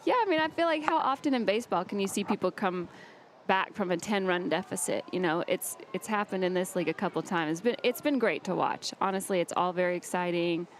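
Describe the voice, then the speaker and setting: A woman in her forties with a Southern US accent, chatting and joking as a guest in a baseball commentary booth, sarcastic and quick to laugh. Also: on the low side, slight background noise. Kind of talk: casual chat in a commentary booth. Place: broadcast booth at a baseball stadium.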